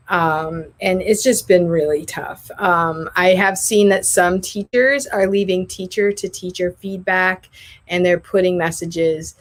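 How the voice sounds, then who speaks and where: A woman's voice: fairly low pitch, unhurried. A woman who teaches English online, chatting casually and telling rambling stories about her classes. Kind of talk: casual vlog chat.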